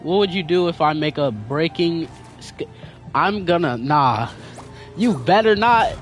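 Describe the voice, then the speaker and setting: This young streamer has a fairly high, expressive voice and speaks a little slowly. He chats casually and talks a lot in slang while playing, over background game music.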